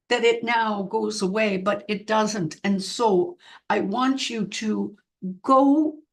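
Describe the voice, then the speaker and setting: A woman speaking as a spiritual medium, delivering a channeled message in slow, earnest, halting phrases. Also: on the high side.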